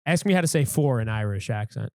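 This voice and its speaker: A man's voice: mid-range voice, lively intonation, fast, no room sound, studio quality. A man co-hosting a comedy podcast, goofy and self-mocking. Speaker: podcast co-host. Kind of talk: casual chat.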